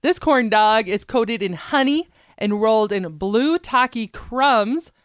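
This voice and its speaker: A woman's voice: a little high, animated, slow pace, clear, resonant tone, dry recording, clean studio sound. A woman co-hosting a casual talk show, chatting upbeat and reading out news items. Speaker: co-host.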